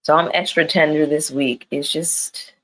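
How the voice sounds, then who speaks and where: A woman's voice: low-pitched, fairly even intonation, a little slow, rough recording. A woman reviewing reality TV on a live stream, talking straight to her viewers in a candid, slangy and profane way. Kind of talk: casual live-stream chat.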